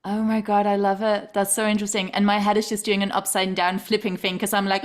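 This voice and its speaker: A woman's voice: medium pitch, level tone, fast talker, few pauses. A woman hosting a casual studio interview, gushing and enthusiastic with her guest. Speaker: podcast host.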